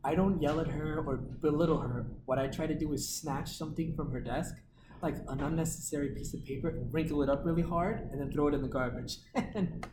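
Male presenter, assertive teacher, echoey room, loud background noise. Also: fairly high pitch, brisk. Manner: assertive, explains with worked examples. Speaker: presenter teaching a team meeting. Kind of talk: casual instructive talk.

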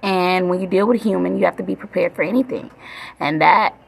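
Woman in her 30s, vlogger; low, very gravelly voice, heartfelt rambling chat. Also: a little fast. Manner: heartfelt, rambling, many fillers. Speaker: vlogger, mother. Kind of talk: casual reflective vlog chat.

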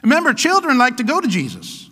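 A man pastor preaching a sermon, animated and playful, acting out little scenes and laughing along. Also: extremely high pitch, fast talker, breathy edge, long reverb tail.

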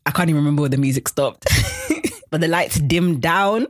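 A vlogger recapping a TV episode in a casual, expressive way, often repeating lines for emphasis and laughing. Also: medium pitch, unhurried, long pauses, dry recording, studio quality.

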